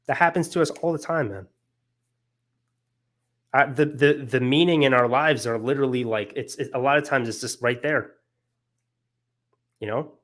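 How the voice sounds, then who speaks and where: A man's voice: mid-range voice, moderate pace, long pauses, fairly bright tone. A young man giving a casual philosophy lecture, earnest and emotional, with many fillers and restarts.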